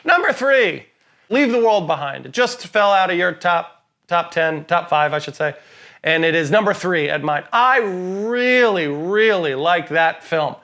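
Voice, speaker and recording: Male podcast co-host, high-pitched, opinionated and emphatic, casual movie talk. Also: expressive, measured pace, pushed and bright. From lives in Boston. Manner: emphatic, opinionated, laughs often. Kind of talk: casual movie review chat.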